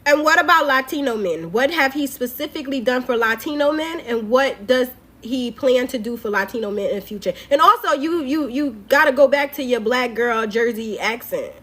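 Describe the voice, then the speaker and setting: A woman's voice: sits high, animated, normal speed, few pauses, bright, forceful tone. A woman hosting a casual chat, questioning an AI assistant in a playful, teasing manner. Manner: playful, teasing, laughs easily.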